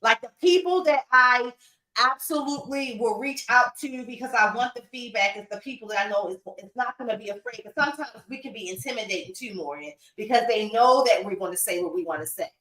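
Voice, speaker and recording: A woman co-hosting a casual podcast livestream from home, outspoken and animated, laughing often. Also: on the high side, fairly quick, far from the mic. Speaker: podcast co-host and reptile breeder. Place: room with her animals at home. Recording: echoey room, voice a bit off-mic.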